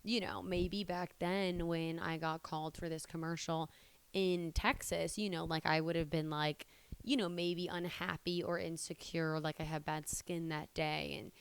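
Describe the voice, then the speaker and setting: A woman's voice: low voice, fairly even intonation, unhurried, clean tone, no room sound. A woman in her twenties chatting casually to camera in a rambling, conversational way. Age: 20s. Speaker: vlogger and stand-up comedian.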